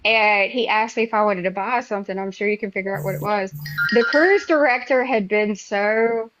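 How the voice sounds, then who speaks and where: A middle-aged woman hosting a podcast, telling stories in a casual, animated way and acting out her own past reactions. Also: medium pitch, moderate pace, music in the background. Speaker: podcast host. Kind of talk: casual chat. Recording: dull, dry lo-fi sound.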